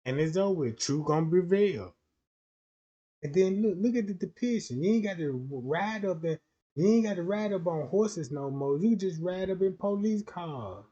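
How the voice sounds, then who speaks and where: A man's voice: high voice, expressive, moderate pace, mellow, lo-fi sound. A man streaming a casual, rambling monologue, slangy and full of repeated fillers.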